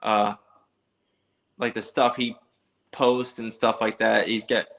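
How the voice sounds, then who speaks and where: A motocross racer from the eastern United States talks as a guest on a podcast. He speaks in a steady, flat line with a bright, forward tone. His manner is plainspoken and laid-back. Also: lowish voice, slow, creaky. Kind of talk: casual interview chat.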